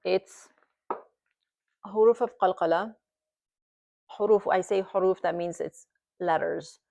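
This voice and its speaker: A woman's voice: fairly low pitch, creaky, warm tone, no echo. Patient woman teaching recitation at a board. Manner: patient, explains slowly, demonstrates recitation repeatedly.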